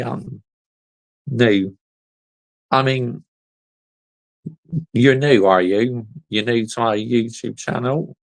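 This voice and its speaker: A man's voice: medium pitch, creaky, low-quality recording. A young man hosting a casual livestream, reading the live chat and ranting bluntly in an exasperated way. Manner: exasperated, blunt, repeats "honestly" and "mate".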